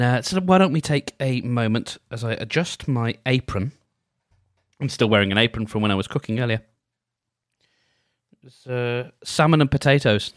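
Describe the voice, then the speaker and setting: A man hosting a solo podcast, leading a gentle, halting, reflective check-in with frequent restarts. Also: mid-range voice, no room sound, clean studio sound. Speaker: podcast host.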